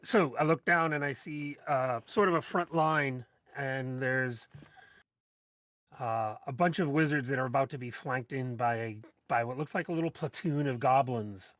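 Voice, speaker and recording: A man playing a tabletop game, calm and thoughtful, planning his moves out loud. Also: medium pitch, a little slow, dry recording, clean studio sound. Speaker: player.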